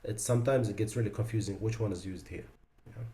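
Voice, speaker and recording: A fast-talking man with a warm tone teaches tajweed, focusing on recitation mistakes. He demonstrates every sound by reciting it, then speaks in a low voice to say where it goes wrong.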